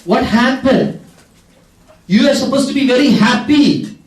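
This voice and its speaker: A man's voice: very high-pitched, animated, a little slow, voice pushed up. A regal, puzzled male god keeps pressing his questions in a voice lifted well above a plain speaking tone, as a preacher puts him on. The sound is roomy and comes from a distant mic. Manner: gently insistent questioning.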